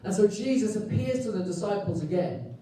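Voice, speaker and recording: Welsh guy preaching a sermon, high voice, dark tone, lively joking storyteller. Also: brisk. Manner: lively storytelling with acted-out quotes and jokes. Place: church hall. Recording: echoey hall, mic at a distance.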